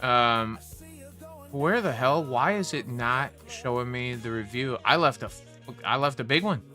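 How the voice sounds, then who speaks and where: A man's voice: mid-range voice, animated, measured pace, bright, forceful tone, soft background music. Fired-up, swearing young man ranting. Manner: profane, heated and rambling. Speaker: livestream host. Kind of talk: casual livestream rant.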